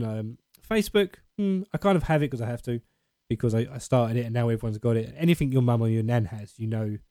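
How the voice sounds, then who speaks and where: A man's voice: mid-range voice, dark tone, no room sound. Rambling, self-mocking Essex man. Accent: Essex English. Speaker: podcast segment host. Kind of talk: casual rambling monologue.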